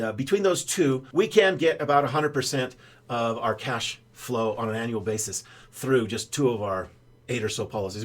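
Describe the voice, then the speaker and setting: A man's voice: mid-range voice, fairly bright tone. An older man, a financial adviser, explaining in a folksy, rambling way with many ums and uhs. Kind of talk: casual explainer talk.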